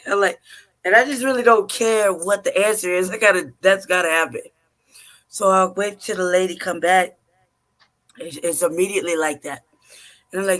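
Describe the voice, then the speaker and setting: A man with a high, bright, forceful voice spins a story in loose, casual conversation. He rambles, swears freely and leans on fillers like "you know" and "like.". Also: brisk. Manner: animated, profane, rambling with frequent fillers.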